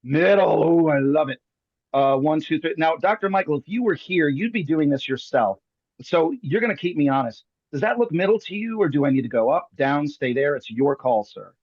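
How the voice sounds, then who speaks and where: Playful, fairly high-voiced man doing magic patter. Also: animated, a little fast, no room sound, lo-fi sound. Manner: playful, jokey, theatrical patter. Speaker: magician host. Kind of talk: live card trick over video call. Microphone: video call.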